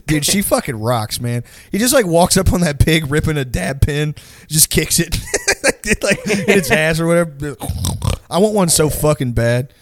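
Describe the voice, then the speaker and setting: A man's voice: fairly high pitch, animated, unhurried, no room sound. A young man telling stories in a casual chat, rambling and profane, full of "like" and slang. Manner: rambling, profane storytelling with lots of "like". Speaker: podcast co-host.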